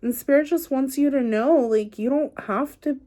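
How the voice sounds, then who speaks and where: A woman's voice: high-pitched, normal speed, dark tone. A woman giving a casual spiritual tarot reading to camera, chatty and encouraging, talking straight to the viewer and saying "like" and "y'all". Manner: loose and playful, says "like" and "y'all". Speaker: tarot card reader.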